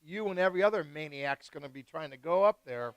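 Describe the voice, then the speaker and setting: A man hosting a live wine tasting, chatting casually and excitedly with guests and swearing freely. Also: a little high, fast talker, clean tone, dry recording. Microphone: live stream mic.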